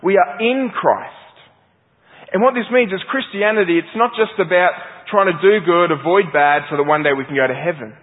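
A man's voice: high-pitched, moderate pace. A man preaching a sermon as pastor, earnest, putting questions to the congregation. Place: church hall. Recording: thin phone-like sound with long hall reverb.

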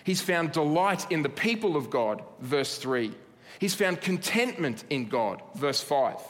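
A man's voice: a little high, very animated, unhurried. A man preaching a sermon in an earnest way, building emphasis through repeated phrases. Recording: long hall reverb.

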